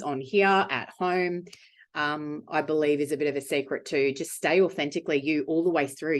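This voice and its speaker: A woman, a business owner answering interview questions in a frank, emphatic, upbeat way. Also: low voice.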